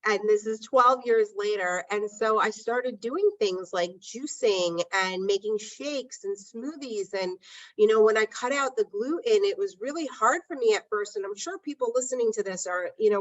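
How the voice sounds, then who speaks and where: A woman's voice: medium pitch, a bit bright. A middle-aged woman hosting a podcast, telling a personal story in a chatty way and often adding "right?". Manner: chatty, frequent "right?" tag questions. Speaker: podcast host. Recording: dull sound, slightly distant mic.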